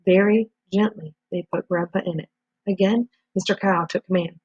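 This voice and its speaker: A woman reads a novel aloud in a husky voice, keeping a steady storytelling pace with small slips and restarts. The recording is dull and lo-fi. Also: mid-range voice, normal speed, no room sound. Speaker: reader.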